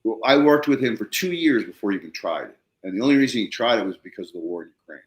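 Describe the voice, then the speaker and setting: A man's voice: fairly low pitch, lively intonation, very fast, echoey room. A man hosting a podcast, telling a story in a casual, slangy way and acting out both sides of phone calls. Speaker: podcast host.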